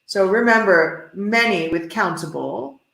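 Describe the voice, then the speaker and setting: A woman's voice: mid-range voice, lively intonation, measured pace, vocal fry, fairly bright tone. A woman with an American accent teaching an online English lesson, playful and full of praise for her students. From United States. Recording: roomy echo.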